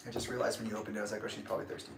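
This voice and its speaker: A man's voice: fairly low pitch, completely flat delivery, rapid-fire, creaky, noisy background. A young man hosting a casual livestream, rambling and grumpy, laughing often. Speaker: livestream host. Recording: echoey room.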